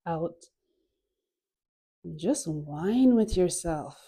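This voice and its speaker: A woman leads a dance session in an unhurried, drawn-out way, her voice mellow and warm. She coaxes and teases playfully, laughing often and breathing out audible sighs between her cues. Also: on the low side, lively intonation, slightly rough. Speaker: dance instructor. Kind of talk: guided dance class.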